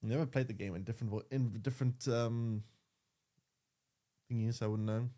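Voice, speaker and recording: A man's voice: medium pitch, fairly even intonation, moderate pace, mellow. A young man streaming a game, chatting casually with many stammered restarts and repeated words. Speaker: gaming streamer. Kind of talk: casual gaming commentary.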